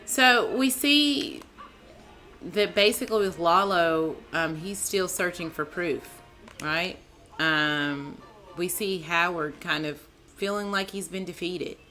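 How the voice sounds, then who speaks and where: A woman hosting a casual TV recap, excitable and chatty, calling out to her co-host and viewers with lots of "like", "man" and "dude". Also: on the low side, slow pace, faint music behind. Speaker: TV show reviewer, channel host.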